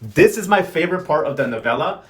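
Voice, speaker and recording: A man talks at a rapid clip in a slightly raised voice, recapping soap opera episodes for his channel. His commentary is casual, full of slang and blunt opinions, with a gossipy edge. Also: on the high side, animated.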